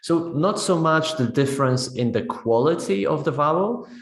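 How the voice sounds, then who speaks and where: A man's voice: a little high, lively intonation, moderate pace, roomy sound. A man leading a teacher-training session on pronunciation, explaining step by step and often checking in with "right?". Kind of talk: webinar teaching demonstration.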